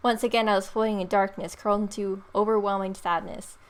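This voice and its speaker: A woman's voice: medium pitch, flat delivery, fairly quick. A young woman reading a romance game aloud with expression, breaking off now and then for joking asides. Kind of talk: reading a visual novel aloud with commentary.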